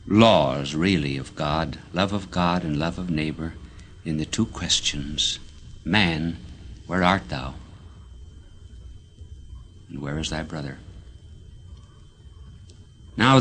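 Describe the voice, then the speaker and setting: A man delivering a sermon, who swells to loud emphasis and then drops to a whisper. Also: fairly low pitch. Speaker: preacher.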